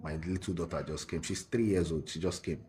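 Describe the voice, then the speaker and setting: A man's voice: low-pitched, steady tone, brisk, dark tone, a little hiss or hum. A man with a Nigerian accent giving an earnest personal testimony as a guest, slipping into Pidgin and restarting his sentences. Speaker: guest telling his story.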